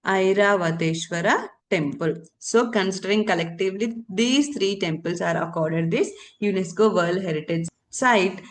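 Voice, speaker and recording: A woman's voice: fairly low pitch, a little hiss or hum. A woman teaching a current affairs lesson for exam candidates, repeating key terms and answering her own questions.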